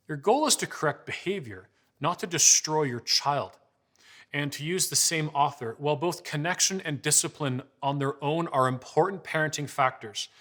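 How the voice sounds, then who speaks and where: A man in his forties with a bright, forceful, fairly high voice gives a talk with slides. He tells conversational stories and acts out the dialogue in them. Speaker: parenting speaker. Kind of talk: presentation with slides.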